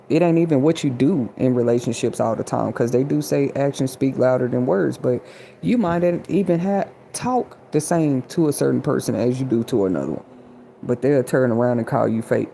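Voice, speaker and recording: Gravelly-voiced woman hosting a livestream. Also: low-pitched, mellow, slight background noise. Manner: casual, preachy, talks straight to the chat audience. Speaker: livestream host. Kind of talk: inspirational livestream talk.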